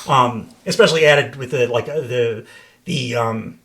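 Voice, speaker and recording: A man's voice: mid-range voice, unhurried, a bit bright. A man hosting a casual wrestling podcast, rambling with lots of fillers, laughing often and swearing casually. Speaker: podcast host.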